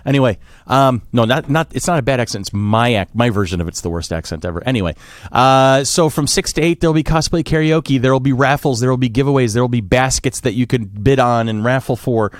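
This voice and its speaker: A man's voice: medium pitch, a little fast, no echo, studio quality. A man hosting a casual podcast, running through upcoming events in a cheerful announcer manner. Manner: upbeat announcer-style event rundown. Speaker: podcast host.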